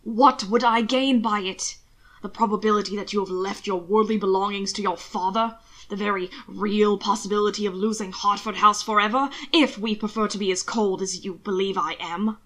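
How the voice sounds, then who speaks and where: A woman voicing an anguished, commanding aristocratic husband in an audiobook reading of fan fiction, speaking low and intense and sometimes dropping to a hiss. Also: fairly even intonation, moderate pace, fairly bright tone, close to an everyday voice. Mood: furious.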